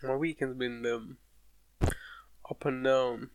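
A man's voice: medium pitch, fairly even intonation, slow, dry recording. A young man in casual podcast chat, joking, swearing and laughing often. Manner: laid-back banter with frequent laughter and swearing.

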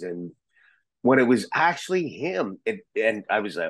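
A man chatting as a podcast guest, an excitable storyteller who rambles and restarts his sentences. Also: on the low side, moderate pace, no room sound. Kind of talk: casual chat.

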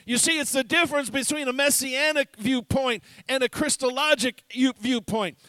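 A man preaching a sermon as pastor, animated, swinging between loud and hushed passages. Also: very high voice, normal speed, clear, resonant tone, no room sound.

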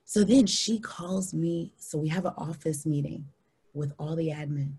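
Woman on a podcast telling a story, low husky voice, acts out the people in it. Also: a little slow. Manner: animated, acts out quoted people in high voices. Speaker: guest.

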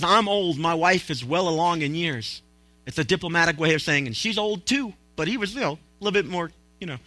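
Man, pastor, sermon, high pitched, very bright tone, dry close sound, chatty and jokey. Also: no echo. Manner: conversational, joking preacher who acts out quotes.

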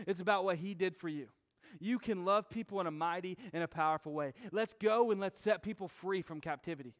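High-voiced man preaching a lively sermon. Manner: casual and joking, building to emphatic shouting. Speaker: pastor.

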